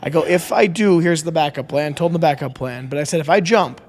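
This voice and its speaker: A man hosting a podcast, telling anecdotes in an easygoing, animated way and thanking his guest. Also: on the high side, quick pace. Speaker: podcast host. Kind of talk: casual interview.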